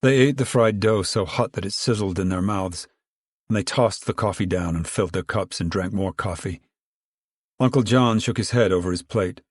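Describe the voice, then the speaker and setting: A man reading a novel aloud, narrating and voicing the family's dialogue in a rough rural drawl. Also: lowish voice, moderate pace, no echo, clean studio sound. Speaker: audiobook narrator. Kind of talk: dramatic audiobook reading with character voices.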